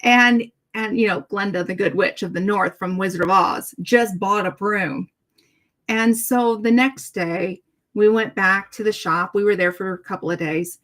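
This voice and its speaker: A middle-aged woman hosts a relaxed talk show, spinning a story in a chatty, animated way. She acts out each exchange by shifting her tone for the different people in it. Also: mid-range voice, a little slow. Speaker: host. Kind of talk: casual storytelling chat.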